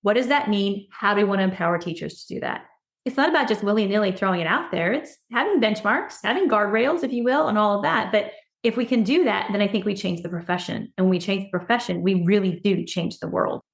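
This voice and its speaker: A woman speaking as a podcast guest, an education consultant talking earnestly and growing excited as she goes. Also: medium pitch, quick pace, vocal fry. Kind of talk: casual podcast conversation. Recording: roomy echo.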